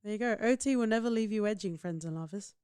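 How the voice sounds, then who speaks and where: Smooth, playful woman podcaster. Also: medium pitch, quick pace, darkish tone, dry recording, studio quality. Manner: playful, teasing banter. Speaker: podcast co-host. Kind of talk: casual chat.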